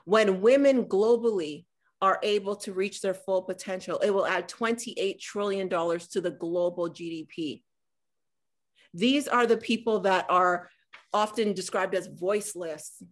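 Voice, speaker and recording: A woman in her forties, an author talking on a panel over a video call, animated and acting out the voices in her stories. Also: medium pitch, unhurried. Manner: animated storyteller acting out dialogue. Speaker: author and former politician. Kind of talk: conversational talk on a panel.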